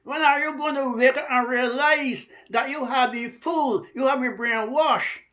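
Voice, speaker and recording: A man from Barbados preaches with fire, his voice pitched high for a man. He hammers each point and slows right down to lean on the words that matter most. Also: sharp tone. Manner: emphatic, stretches key words slowly. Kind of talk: fiery preaching monologue.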